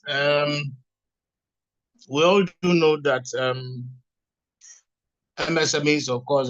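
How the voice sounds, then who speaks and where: A man's voice: medium pitch, a bit bright, dry recording, highs cut off. A man moderating an online webinar, upbeat and using many fillers. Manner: upbeat, filler-heavy speech.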